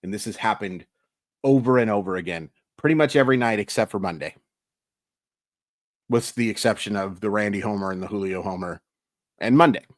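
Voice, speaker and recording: Male recap host, low-pitched, exasperated and emphatic, dry close sound. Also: fairly quick, pauses often, no room sound. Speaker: sports YouTuber. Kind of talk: daily baseball recap vlog.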